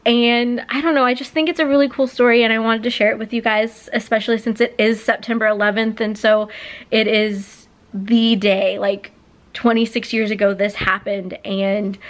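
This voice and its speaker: A woman in her late twenties telling a personal story on her vlog, rambling with many fillers and close to tears. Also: a little high. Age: late 20s. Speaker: vlogger.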